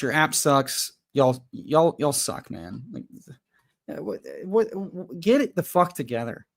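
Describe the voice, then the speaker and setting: A man's voice: medium pitch, expressive, a little slow. A young adult man hosting a live fantasy football stream, ranting with heavy profanity and then chatting casually with viewers. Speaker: fantasy football livestream host. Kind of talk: casual livestream chat and rant.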